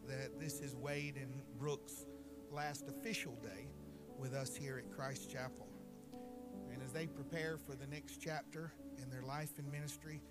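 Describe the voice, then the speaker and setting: Earnest pastor over music. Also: male voice, medium pitch, little pitch movement, a little slow. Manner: earnest, heartfelt, reads from notes. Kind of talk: church announcement. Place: church sanctuary with music behind.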